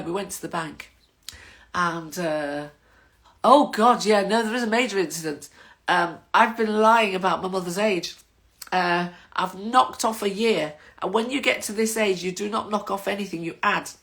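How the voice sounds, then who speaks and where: A woman's voice: medium pitch, fairly bright tone. An older woman, chatting casually to her viewers in a rambling, waffling monologue as the host of her own vlog.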